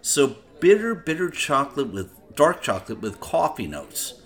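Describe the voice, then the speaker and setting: A man's voice: mid-range voice, big pitch swings, moderate pace. A man hosting a podcast, tasting and rating a beer in a loose, profane, chatty way with lots of filler. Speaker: podcast host reviewing beer. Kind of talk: casual beer-tasting chat.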